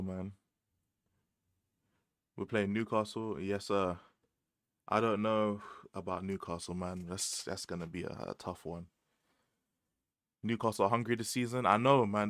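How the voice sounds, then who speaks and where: Young London guy, low-ish voice, loose slangy stream chat, dry close mic. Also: no echo. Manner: slangy and animated, laughs often, repeats phrases. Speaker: livestream host. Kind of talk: casual livestream chat about football.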